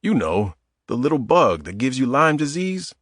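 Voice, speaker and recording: A man's voice: mid-range voice, big pitch swings, normal speed, fairly bright tone, dry recording, clean studio sound. A man voicing a wisecracking, self-mocking man in his forties in an audiobook. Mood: joking. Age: 40s. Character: mid-forties man, stiff and sore, joking flirt.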